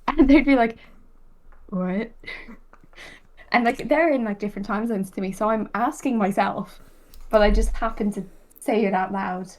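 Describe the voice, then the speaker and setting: A woman's voice: mid-range voice, unhurried, a little mellow, rough recording. A young Irish woman in casual podcast chat, rambling and chatty with lots of fillers. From Ireland. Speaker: podcast host.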